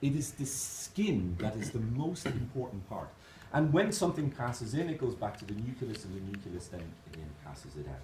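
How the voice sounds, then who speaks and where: A man giving a motivational conference keynote, animated and jokey, speaking straight to the crowd. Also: lowish voice, moderate pace. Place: conference hall. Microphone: distant camera mic. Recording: echoey hall, distant mic, noisy room.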